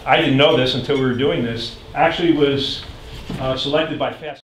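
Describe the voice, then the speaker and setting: A man's voice: medium pitch, steady tone, normal speed, a little hiss or hum. A man leads the announcements at a chapter dinner meeting, easygoing and chuckling as he goes. The room is echoey, and cutlery and dishes clink faintly behind him. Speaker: chapter president hosting a meeting.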